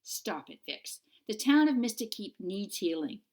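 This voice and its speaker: A woman's voice: mid-range voice, very animated, unhurried, a little mellow. Woman voicing an eager young witch. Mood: pleading. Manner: insistent, pleading. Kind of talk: audiobook character voice.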